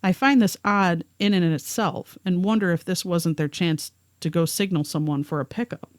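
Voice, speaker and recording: A woman's voice: on the low side, normal speed, no echo, studio quality. A woman co-hosting a podcast, narrating a first-hand story and reading the witness's words aloud. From rural area. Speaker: podcast co-host.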